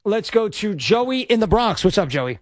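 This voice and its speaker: Upbeat sports radio host, a man, pitched a bit high, dry studio sound. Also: normal speed, no echo. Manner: energetic, rambling, self-promoting. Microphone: studio microphone.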